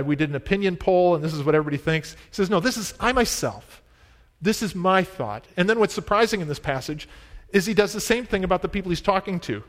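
Man, pastor; casual sermon delivery, animated when quoting scripture, church hall echo. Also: high voice. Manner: conversational teaching, voices Paul's words with rising emphasis. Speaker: preacher. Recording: long hall reverb.

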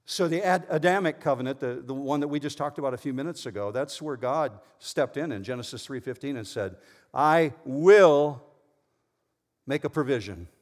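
A middle-aged man preaching a sermon in a church, swinging from loud emphasis to hushed, near-whispered lines. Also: mid-range voice, a little fast, few pauses. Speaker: pastor. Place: church sanctuary. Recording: long reverb in a large hall.

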